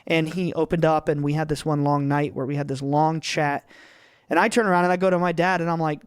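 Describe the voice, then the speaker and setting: A man's voice: fairly high pitch, fast talker, clear, resonant tone, no echo, studio quality. A man in his twenties, a podcast guest, telling stories earnestly and with energy in casual chat. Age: 20s. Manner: earnest, animated storytelling with restarts.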